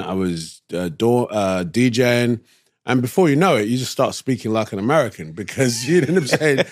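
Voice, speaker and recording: A man with a London English accent, a guest telling relaxed anecdotes in an interview with slangy asides. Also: lowish voice, dry recording, studio quality. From England. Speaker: actor guest. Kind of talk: casual interview storytelling.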